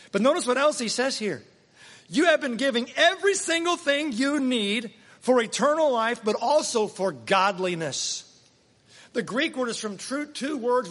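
A man's voice: sits high, fairly bright tone, in a large hall. A man preaching a sermon in a conversational way, often asking his listeners questions. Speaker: pastor.

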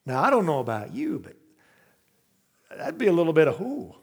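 A man's voice: fairly high pitch, huge pitch swings, moderate pace, slightly rough. A man preaching a sermon in a conversational, humorous storytelling way, full of asides and questions to the congregation.

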